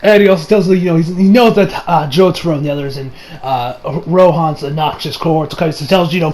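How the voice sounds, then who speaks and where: A young man casually reviewing an anime episode, excitable and swearing, acting out scenes with sudden shouts. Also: a little high, fast talker, hardly any pauses.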